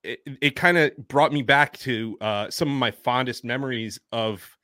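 A man hosting a casual chat, talking haltingly and eagerly, like a fan. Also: medium pitch, sharp tone, no room sound, studio quality. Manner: halting, many fillers and restarts, fan-like. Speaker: podcast host.

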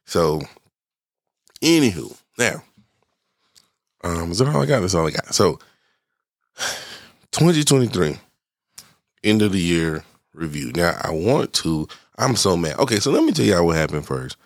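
Man, middle-aged, congested, rambling podcast host, extremely low voice, dry close sound. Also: very animated, moderate pace, dry recording. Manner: rambling and loose, self-interrupting. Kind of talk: casual solo podcast chat.

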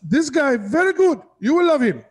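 A man's voice: very high-pitched, big pitch swings, moderate pace. A podcast co-host, a man, joking through comic banter in a put-on voice that he keeps up the whole time. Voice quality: playful mock voice held throughout.

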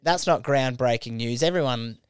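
A man's voice: medium pitch, moderate pace, clean tone, no room sound, clean studio sound. A man co-hosting a casual comedy podcast, joking loosely and swearing freely. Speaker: podcast co-host.

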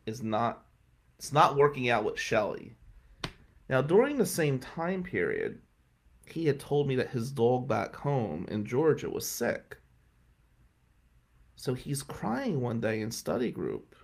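A man's voice: mid-range voice, creaky. A brash, blunt man telling stories from law school in a casual way, swearing as he goes. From New Jersey. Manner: brash and blunt, swears, voice climbs sharply when riled up. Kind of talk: casual storytelling.

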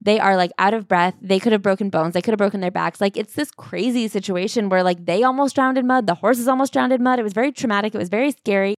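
A woman's voice: medium pitch, fast talker, few pauses, dry recording, clean studio sound. A woman co-hosting a casual book-review chat, talking in a loose, chatty way with lots of "like". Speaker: podcast co-host.

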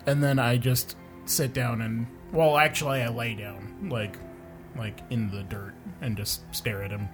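A player in a tabletop game who states their character's moves tersely and deadpan. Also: mid-range voice, a little slow, soft background music. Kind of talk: tabletop role-play.

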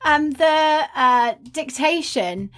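A woman's voice: high-pitched, animated, a bit bright. A woman co-hosting a podcast in casual chat, playful and often laughing. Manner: giggly, quick, playful. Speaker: podcast co-host.

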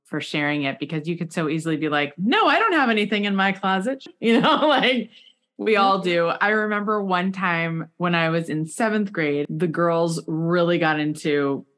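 A woman interviewing a guest, telling a long personal story in a chatty, animated way with many asides. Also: on the low side, normal speed. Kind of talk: casual interview chat.

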